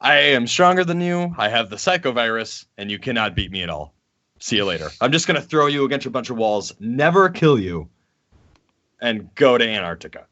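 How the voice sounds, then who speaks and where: A man's voice: medium pitch, big pitch swings, fairly quick, pushed and bright. A man mocking a smug villain. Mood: smug taunting. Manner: mocking, boastful. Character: arrogant all-powerful male villain, taunting. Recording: dull lo-fi recording.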